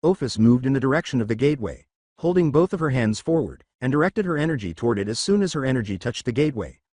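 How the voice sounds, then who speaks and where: A man reading a fan story aloud as its narrator, in a steady storytelling way. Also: medium pitch, dry recording, clean studio sound.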